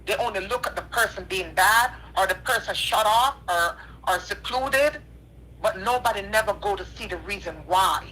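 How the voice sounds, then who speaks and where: Calling in with an emotional apology, this woman is tearful, her mid-range voice pushed, bright and slightly rough. At a normal speed, she keeps repeating herself in an earnest, sermon-like manner.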